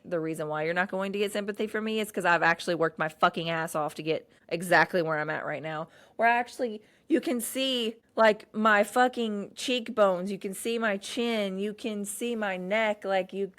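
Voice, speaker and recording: A young woman hosting a casual solo podcast, talking bluntly and with lots of swearing, rambling and restarting her sentences. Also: mid-range voice. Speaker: podcast host.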